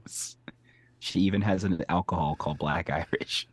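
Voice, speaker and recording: A man co-hosting a podcast in casual, chatty banter, quick to correct and riff. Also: deep voice, fairly even intonation, breathy edge. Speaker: podcast co-host. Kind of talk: casual chat.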